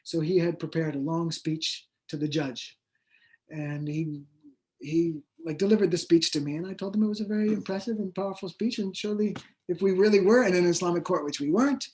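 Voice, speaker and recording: A man's voice: high voice, a little fast, darkish tone. Hesitant man telling his story. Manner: rambling, hesitant storytelling with many fillers. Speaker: author guest. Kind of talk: conversational interview.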